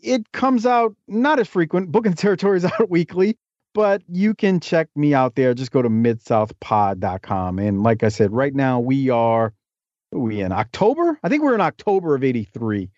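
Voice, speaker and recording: A man chats as a guest on a podcast, rolling from one story to the next with jokey asides. His voice sits at an ordinary pitch. The audio is dry and slightly dull, like lo-fi podcast sound. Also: big pitch swings, normal speed, a little mellow, no echo. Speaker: podcast guest, wrestling historian. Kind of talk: casual interview chat.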